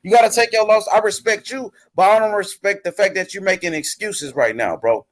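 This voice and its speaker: A man with a high voice hosts a boxing show, talking fairly quickly in a heated casual debate. He argues insistently, interrupts, demands to be heard, and keeps saying "bro."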